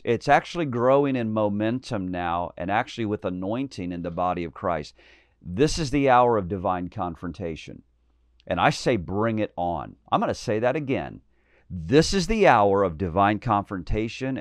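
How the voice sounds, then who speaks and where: A man's voice: on the low side, no echo, clean studio sound. A man preaching a fiery, emphatic sermon, with bold declarations and mocking asides.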